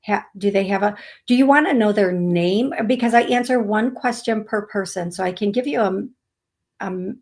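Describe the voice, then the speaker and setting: A woman hosting a live psychic reading stream, talking slowly and affectionately to viewers, with many fillers while she reads comments. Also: mid-range voice, darkish tone. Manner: slow, soothing, affectionate. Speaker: psychic medium host.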